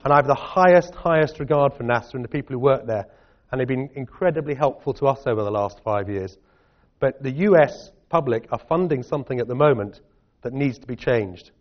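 A man's voice: medium pitch, brisk. Scottish man giving a chatty talk. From Scotland. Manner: chatty, self-deprecating, frequent ums. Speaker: guest speaker. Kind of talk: public talk and Q&A. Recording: dull lo-fi audio.

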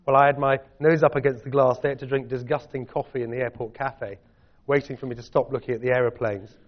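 A man's voice: mid-range voice, fairly even intonation, fast. Scottish man giving a chatty talk. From Scotland. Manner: chatty, self-deprecating, frequent ums. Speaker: guest speaker. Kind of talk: public talk and Q&A. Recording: dull lo-fi audio.

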